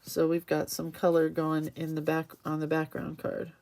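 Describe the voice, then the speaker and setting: A middle-aged woman hosting a casual crafting livestream, chatting as she works and reading viewer comments aloud with warm sympathy. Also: deep voice, completely flat delivery, moderate pace.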